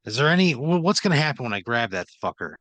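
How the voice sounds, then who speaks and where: A man's voice: mid-range voice, sing-song, quick pace, a bit bright, no room sound. A man playing along in an improv comedy podcast, exasperated and reluctant, swearing a lot. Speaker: improv player.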